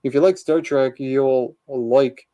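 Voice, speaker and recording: A man with a mellow, dark-toned voice walks through his shelf of movies and shows in a loose, chatty vlog. He gives quick opinions on each title and fills his pauses with uh and um. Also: mid-range voice, fairly even intonation. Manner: chatty, opinionated, with many uhs while listing titles. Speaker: vlogger showing his DVD collection. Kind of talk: casual collection walkthrough.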